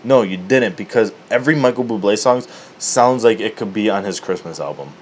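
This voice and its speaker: A man telling a comedic story in an animated, profane way, laughing at his own jokes. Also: lowish voice, brisk, a little hiss or hum.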